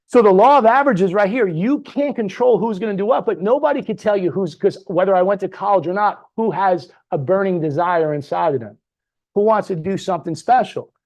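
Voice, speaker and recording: High-voiced, punchy male sales trainer. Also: lively intonation, brisk, darkish tone, highs cut off. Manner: punchy, full of rhetorical questions and tag "right?". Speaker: business trainer. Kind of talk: motivational sales training talk.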